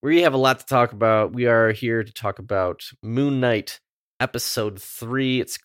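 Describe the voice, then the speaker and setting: A man's voice: mid-range voice, normal speed, clear, resonant tone, no echo, studio quality. A man hosting a casual podcast, upbeat and chatty, laughing easily as he runs through the news. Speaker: podcast host.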